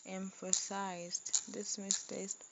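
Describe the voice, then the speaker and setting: Slow, flat-voiced woman dictating code. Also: medium pitch, creaky, heavy background noise. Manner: dictates slowly while typing, repeats phrases. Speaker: coding tutor. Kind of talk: screen-recorded coding tutorial.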